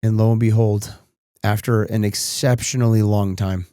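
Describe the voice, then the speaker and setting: A man's voice: fairly low pitch, fairly even intonation, moderate pace, warm tone, clean tone, dry recording, studio quality. A man in his thirties hosting a podcast, telling a personal story in a reflective way that turns emotional and tearful. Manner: reflective, becomes emotional and tearful while recounting. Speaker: podcast host.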